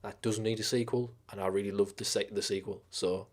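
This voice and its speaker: Low-voiced man ranting casually about films. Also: steady tone, brisk. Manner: swearing, rambling, enthusiastic about films. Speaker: streamer. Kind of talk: casual live-stream chat.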